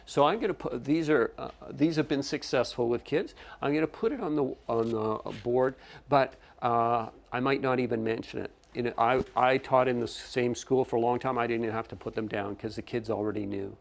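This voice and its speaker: A man lecturing new teachers on running a classroom, his mid-pitched voice carrying a gravelly edge. He explains step by step and keeps asking "okay?" to check that his listeners follow. He often breaks off to restart a phrase. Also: fairly quick. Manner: frequent restarts and self-corrections. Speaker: teacher trainer.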